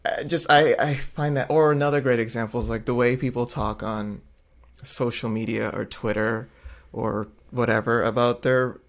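A man co-hosting a podcast in casual chat, relaxed and joking, with lots of likes and ums. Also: medium pitch, moderate pace, vocal fry. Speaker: podcast co-host.

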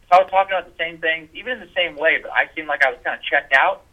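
A man guesting on a podcast, talking in an animated, emphatic way with lots of swearing and quick restarts. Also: a little high, phone-quality sound. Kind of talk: casual podcast conversation.

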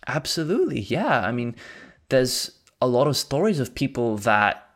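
A man's voice: medium pitch, sing-song, normal speed. A man in casual conversation, talking earnestly and reflectively with many fillers.

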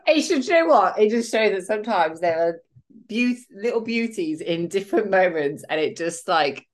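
A woman hosting a podcast in casual chat, reacting with quick, excited exclamations. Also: medium pitch. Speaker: podcast host.

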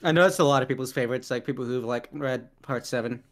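A man's voice: medium pitch, fast. A young man co-hosting a podcast, talking in a casual, rambling way with plenty of fillers. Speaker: podcast co-host. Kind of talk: casual chat.

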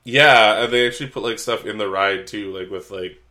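A man's voice: on the low side, brisk, bright, forceful tone. A man co-hosting a podcast, chatting casually and rambling, with frequent swearing. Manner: laid-back, swears freely, rambling. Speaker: podcast co-host. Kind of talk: casual chat.

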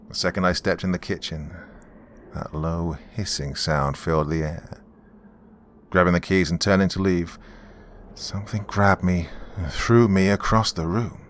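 A man narrating a horror story in a measured, grim storytelling manner. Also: sits low, steady tone, slight background noise.

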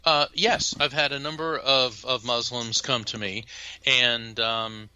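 A man who is a guest in an interview, talking as a lively, emphatic storyteller. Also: medium pitch, measured pace, smooth, dry recording. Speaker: psychic medium and lawyer, guest. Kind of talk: interview conversation.

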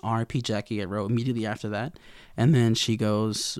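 A man's voice: fairly low pitch, level tone, fairly quick, darkish tone, no room sound, clean studio sound. A young man casually recapping a TV episode in a slangy, rambling way, acting out the characters' lines. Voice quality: gravelly, with vocal fry.

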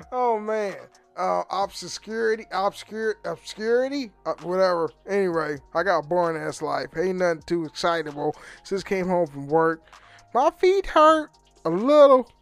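High-voiced man rambling on his podcast. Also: creaky. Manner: loose and rambling, swears, laughs at himself. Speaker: podcast host. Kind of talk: casual solo podcast chat.

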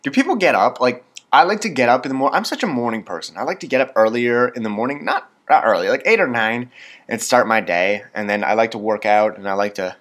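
A man's voice: medium pitch, animated, fast, fairly bright tone. Rambling young Canadian man, chatty. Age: 20s. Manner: rambling, self-deprecating, chatty with many fillers. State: hyped up on coffee. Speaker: podcast host. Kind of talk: casual solo podcast monologue.

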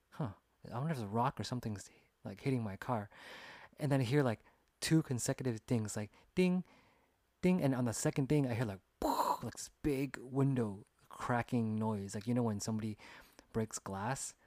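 A man's voice: fairly low pitch, darkish tone, dry recording. A man hosting a podcast, telling a story in a casual, rambling way with lots of "like" and restarts. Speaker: podcast host.

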